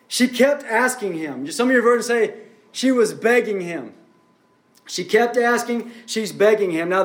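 A man's voice: extremely high pitch, roomy sound. A man preaching a sermon as pastor, building up and easing off in intensity. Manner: preaching with rising and falling intensity.

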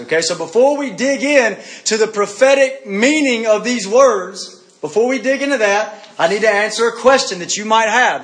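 Male preacher, high voice, lively and insistent, repeats points, asks listeners questions. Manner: animated, repetitive preaching with direct questions to listeners. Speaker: pastor. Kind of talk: sermon.

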